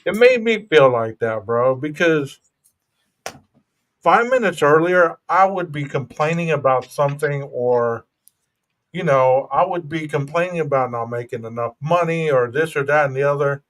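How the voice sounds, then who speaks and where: A man's voice: fairly high pitch, normal speed, a bit bright. Earnest reflective man hosting a stream. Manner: earnest, reflective, says "bro" and "you know". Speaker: podcast host. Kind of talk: casual livestream chat.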